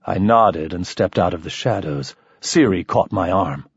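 A man narrating a first-person story in an expressive, lively manner. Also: deep voice, unhurried, breathy edge, no echo, lo-fi sound. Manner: expressive, shifting voices for characters. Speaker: audiobook narrator.

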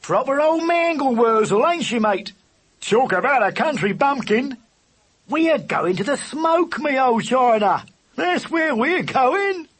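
A narrator voicing a flock of brash racing pigeons with a Cockney accent, teasing and loud. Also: high-pitched, lively intonation, unhurried, husky, voice pushed up, exaggerated voice. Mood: jeering. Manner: cheeky, jeering.

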